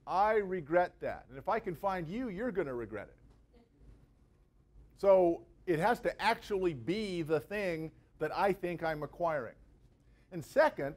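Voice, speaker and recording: A man giving a university guest lecture in a conversational, jokey way, with everyday examples. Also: a little high. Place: university venue with a live audience.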